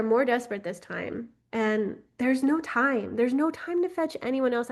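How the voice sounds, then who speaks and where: Female storyteller with a slightly high voice, telling a folk tale unscripted for a guided workshop. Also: moderate pace, few pauses. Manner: unscripted retelling with fillers like "right?" and "like". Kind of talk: spoken storytelling for a guided healing journey.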